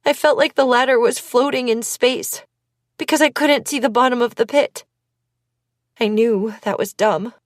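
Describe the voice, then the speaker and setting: A woman reading first-person audiobook narration in a measured, deliberate manner. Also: a little high, no room sound, studio quality.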